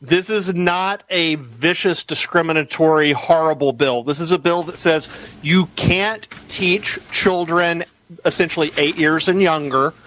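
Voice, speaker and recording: A man appearing as a guest on a talk radio show, arguing his points in an animated way with quick asides. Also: on the high side, no room sound.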